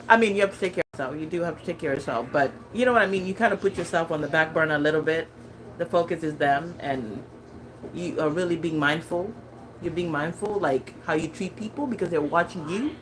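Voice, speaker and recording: A Californian lifestyle vlogger in her thirties chats casually in a lowish voice at a moderate pace, against a noisy background. She laughs often and talks with many fillers and restarts.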